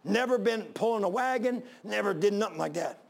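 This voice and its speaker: A man preaching with a strongly gravelly, fry-heavy voice that sits high for a man. He tells his story fervently and climbs into emphatic pleas. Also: expressive, fairly quick. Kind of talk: sermon with personal story.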